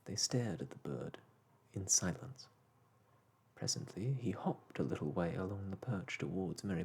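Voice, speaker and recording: A man reads a children's story aloud in a soft, gentle bedtime voice. His tone is deeply husky and breathy, with a gravelly fry underneath, and he lets the pitch rise and fall in a lively, expressive way. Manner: gentle and unhurried.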